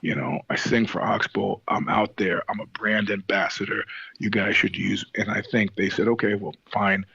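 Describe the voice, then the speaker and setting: A low, gravelly man with a husky edge tells a long story in a casual, profane, digressive way. He acts out the other people in the story as he goes. The recording is dry and a little dull. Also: steady tone, normal speed, bright, forceful tone, no echo. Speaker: podcast guest, singer.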